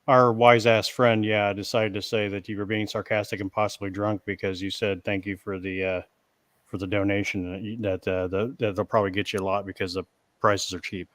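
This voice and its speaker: A man's voice: fairly low pitch, little pitch movement, a little fast, fairly bright tone, dry recording. A man co-hosting a live stream, reading viewer comments to the host, hesitant and stumbling over his words.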